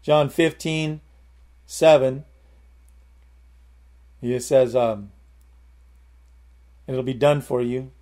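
A man's voice: mid-range voice, steady tone, drawn-out words, pauses often, darkish tone. A male preacher giving an emphatic sermon, repeating and restarting phrases and calling out to the congregation. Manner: emphatic, addresses the congregation directly with repeated calls of "Amen?"; repeats and restarts phrases while building a point.

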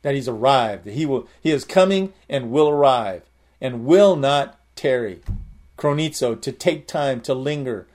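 A man's voice: mid-range voice, expressive, unhurried, darkish tone. A man preaching a sermon, explaining Greek words and repeating key phrases with emphatic rises. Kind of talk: sermon with word study.

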